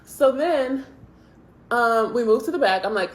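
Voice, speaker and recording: A young woman casually telling a travel story to camera, chatty and animated, acting out what people said. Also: fairly high pitch, measured pace, reverberant. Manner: chatty, animated retelling with quoted asides. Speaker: vlogger.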